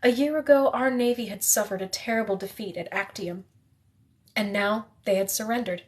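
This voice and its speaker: A woman reading a novel aloud in the first person, steady, with the odd slip she corrects. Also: mid-range voice, normal speed. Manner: steady reading with occasional slips and self-corrections. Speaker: reader.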